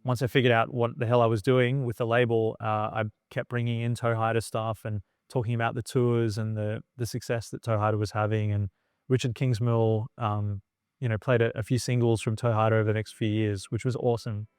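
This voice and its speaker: A man's voice: mid-range voice, a little fast, clean tone, no echo, clean studio sound. A middle-aged man who founded a record label, recounting anecdotes in a documentary interview and acting out the dialogue of the people in them. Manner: animated anecdote-telling, acting out quoted dialogue.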